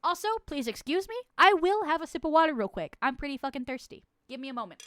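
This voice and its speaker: A woman's voice: high voice, lively intonation, quick pace, fairly bright tone, dry recording. A woman streamer playing a nun who hears chat's confessions, swinging between mock-solemn verdicts and profane, laughing banter. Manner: laughs often.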